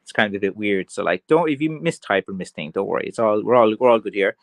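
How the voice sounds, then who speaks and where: Quick-paced and lively in intonation, this man from Ireland has a voice on the low side, recorded without echo. As a craft seller running a livestream, he reads viewer comments and chats casually, rambling with lots of fillers and restarts.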